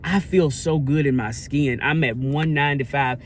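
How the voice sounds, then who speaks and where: A man talks to his viewers in an earnest, sermon-like cadence, repeating his points. His voice sits fairly high. Faint background noise runs under the recording. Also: normal speed. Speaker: vlogger. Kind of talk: casual preachy vlog talk.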